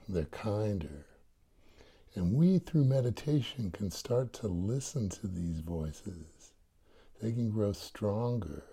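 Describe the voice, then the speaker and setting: A man leading a guided meditation, calm and soft-spoken with touches of light humor. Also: on the low side, husky. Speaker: meditation teacher.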